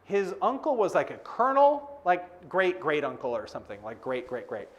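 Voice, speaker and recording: A man's voice: on the high side, animated, normal speed, lo-fi sound. A man giving a live motivational talk as host, telling a personal story in a chatty way with frequent "like" and "right?". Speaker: business coach speaker.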